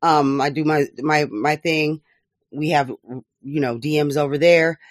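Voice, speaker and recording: A woman's voice: low-pitched, fairly even intonation, unhurried, no room sound, clean studio sound. A woman hosting a podcast, giving casual political commentary in a profane, laughing, mocking way. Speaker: podcast host.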